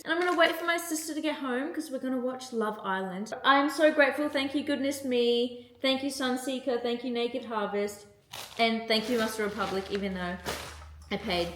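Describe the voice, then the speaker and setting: A woman's voice: mid-range voice, fairly bright tone. Chatty young woman, echoey and noisy. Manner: chatty, gushing, lots of "like" and gasps. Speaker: vlogger. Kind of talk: casual vlog chat. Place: in a car. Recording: echoey room with clear background noise.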